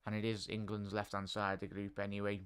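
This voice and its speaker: A man's voice: on the low side, completely flat delivery, quick pace, fairly bright tone, clean tone. A man hosting a live football watchalong, chatting with viewers as he calls the play. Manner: chatty, addresses chat and viewers by name. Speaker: watchalong host.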